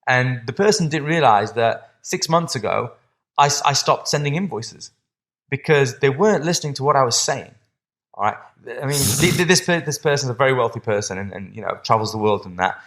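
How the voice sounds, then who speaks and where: A man's voice: mid-range voice, lively intonation, brisk, a bit bright. A man who coaches athletes, a guest on a podcast, talking casually in a rambling way and often quoting himself. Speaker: guest, strength and conditioning coach.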